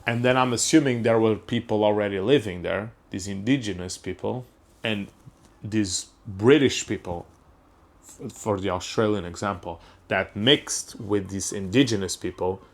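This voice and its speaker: A man's voice: fairly low pitch, moderate pace. Rambling man musing on a podcast. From Portugal. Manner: rambling, self-interrupting, swears casually. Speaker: podcast host. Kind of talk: casual comedic monologue.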